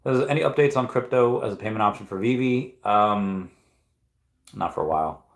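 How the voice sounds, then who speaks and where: A man with a lowish voice chats loosely through a livestream, reading out viewer comments and musing aloud. He pauses often with ums and uhs. His voice rings a little in a room with noticeable echo. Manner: rambling, thinking aloud with many fillers. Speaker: crypto livestream host. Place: room at home at night.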